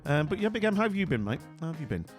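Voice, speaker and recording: A man's voice: fairly high pitch, very animated, racing, faint music behind. A middle-aged man hosting a livestream, chatting casually and jovially with viewers and rambling through lots of fillers. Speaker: livestream host. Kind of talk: casual chat with live viewers.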